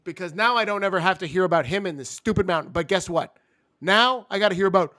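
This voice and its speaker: A man co-hosting a wrestling review show, ranting in loud, exasperated bursts and mocking people in silly voices. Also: high-pitched, lively intonation, a little fast, no room sound, clean studio sound. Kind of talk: ranting casual chat.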